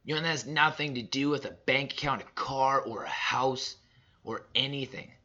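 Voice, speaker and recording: A man in his thirties delivering a personal motivational monologue, emphatic and repetitive, swinging between loud and soft. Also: mid-range voice, normal speed, muffled recording. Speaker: father sharing reflections.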